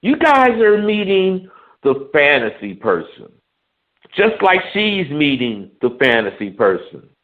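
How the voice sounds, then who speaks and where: Man giving frank advice, slow and lively, phone-like tinny sound. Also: fairly high pitch. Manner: emphatic, frank, swears. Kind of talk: advice monologue.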